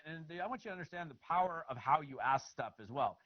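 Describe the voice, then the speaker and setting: A man giving an instructional talk on follow-up calls, acting out both sides of the conversations in an animated way. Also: fairly high pitch, quick pace, lo-fi sound. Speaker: network marketing trainer.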